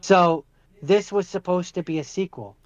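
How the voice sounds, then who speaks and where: A man co-hosting a podcast in casual chat, talking in a measured, hesitant way with lots of fillers and sounding like he's losing his voice. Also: high voice, dull audio. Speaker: podcast co-host.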